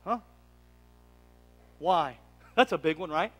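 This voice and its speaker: A male pastor preaching a sermon, asking his congregation to answer back and swinging from loud emphatic lines to quiet asides. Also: a little high, slow, faint music behind. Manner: preaching, calling for congregation responses. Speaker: lead pastor. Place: church sanctuary. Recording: long reverb of a church sanctuary.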